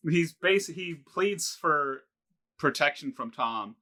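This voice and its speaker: A man's voice: on the high side, animated, slow pace, sharp tone. A man co-hosting a podcast, chatting casually about a film and laughing often as he retells scenes. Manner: laughs often, quotes movie lines in passing. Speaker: podcast co-host. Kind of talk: casual chat.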